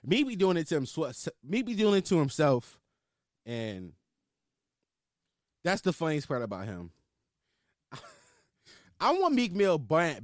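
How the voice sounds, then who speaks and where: A man's voice: on the high side, dry recording, clean studio sound. A young man hosting a podcast, riffing in loose, profane, laughing comic commentary. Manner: animated, profane, laughing riffs. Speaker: podcast host. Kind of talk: casual comedic commentary.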